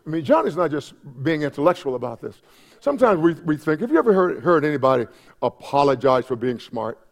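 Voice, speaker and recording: A man preaching a sermon in a church, swinging from emphatic shouts to hushed asides. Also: a little high, sing-song, fairly quick, vocal fry. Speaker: pastor.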